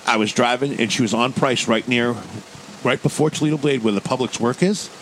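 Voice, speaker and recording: Poor audio with faint background noise captures a man of medium pitch speaking a little fast. He's a co-host in casual conversation, spinning a story with plenty of swearing and animated impressions of its characters.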